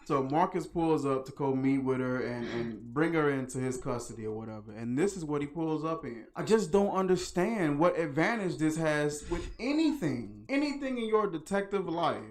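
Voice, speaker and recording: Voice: mid-range voice, lively intonation, normal speed, hardly any pauses. A movie reviewer giving a casual, mocking play-by-play of a film with slangy asides.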